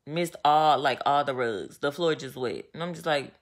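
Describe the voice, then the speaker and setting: Low-voiced woman venting casually. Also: fairly quick, few pauses. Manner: venting, animated storytelling with slang. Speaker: vlogger. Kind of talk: casual chat to viewers. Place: home, getting ready.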